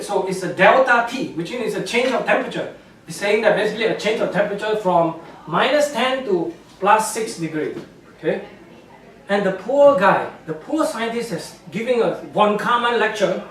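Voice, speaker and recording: A man with a very high voice lectures an audience, animated and scornful, and laughs at his own points as he goes. His English has loose, non-native grammar. He sounds far from the mic, and the hall rings with a strong echo. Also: slight background noise. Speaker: guest speaker, scientist. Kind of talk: public lecture with slides.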